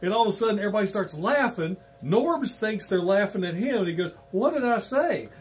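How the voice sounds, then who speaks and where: A man's voice: sits high, expressive, fast talker. A man in his fifties hosting a casual chat, jumping in with teasing remarks. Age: 50s. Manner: chatty, teasing co-host who jumps in. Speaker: host.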